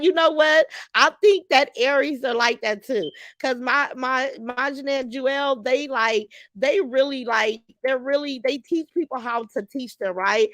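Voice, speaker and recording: A woman's voice: high-pitched, a little slow, a bit bright, no echo. A woman, casually hosting a live stream and talking straight to her viewers. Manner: chatty, addresses viewers directly, reads comments aloud. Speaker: livestream host reading chat.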